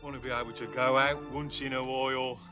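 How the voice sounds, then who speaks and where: An actor as a plodding Brummie husband, broad Birmingham accent, 1990s advert, music under. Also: male voice, mid-range voice, flat delivery, brisk, close to an everyday voice. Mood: content. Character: dim, homely Brummie husband, middle-aged.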